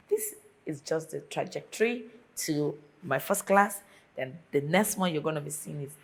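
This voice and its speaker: A young woman with a Nigerian accent talking earnestly and warmly to her viewers in a casual vlog. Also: low-pitched, slight background noise, rough recording. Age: young adult. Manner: earnest and warm toward viewers, heartfelt. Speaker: vlogger.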